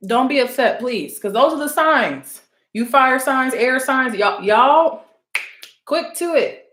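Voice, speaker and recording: A woman's voice: sits high, lively intonation, slow pace, fairly bright tone. Lady reader chatting to her viewers, swears a lot, calls folks out, echoey room. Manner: blunt, profane, teasing, calls out her audience. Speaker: spiritual reader addressing viewers. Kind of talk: casual rambling monologue to camera. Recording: roomy, echoey room sound.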